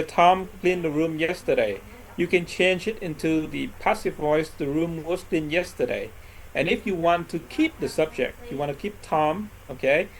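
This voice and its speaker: An English teacher giving a grammar lesson to a live class, checking in with "okay?" and "right?" after almost every phrase and repeating example sentences slowly. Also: mid-range voice, slight background noise, poor audio. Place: classroom with students.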